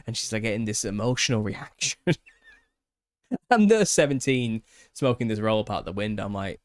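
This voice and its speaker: A man's voice: lowish voice, expressive, moderate pace, no room sound, studio quality. A man in his thirties, a content creator, ranting passionately on camera, often repeating and restarting himself as he gets riled up. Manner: impassioned, repetitive, restarts when riled. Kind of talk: opinionated solo rant.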